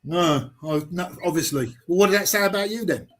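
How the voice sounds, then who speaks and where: A man hosting a live stream, arguing heatedly, swearing and firing rapid rhetorical questions. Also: high-pitched, a bit bright.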